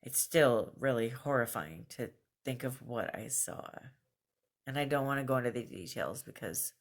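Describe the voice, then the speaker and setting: A woman records a casual video journal at home, speaking to camera in an unscripted way. She is earnest and reflective, with fillers and the odd soft laugh. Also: rumbling low, expressive, moderate pace. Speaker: vlogger. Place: at home, just out of bed.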